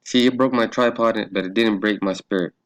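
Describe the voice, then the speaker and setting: A man's voice: lowish voice, steady tone, brisk, muffled recording, noisy background. A man talking casually through a Bible study in his own video, loose and swearing, laughing and thinking aloud as he reads. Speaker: religious vlogger.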